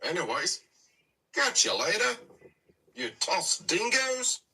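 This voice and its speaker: A man's voice: sits high, sing-song, takes it slowly, pushed and bright, breathy edge, far from the mic, full character voice, rough recording. Man putting on a crude Aussie bloke. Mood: cheeky. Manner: matey slang and cheerful insults.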